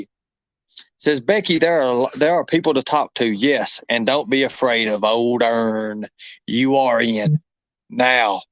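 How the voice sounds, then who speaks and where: A man's voice: medium pitch, no echo. A middle-aged man, hosting a livestream in a rambling, folksy, exclaiming way. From Kentucky. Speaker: livestream host. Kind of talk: casual livestream talk. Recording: muffled dull audio.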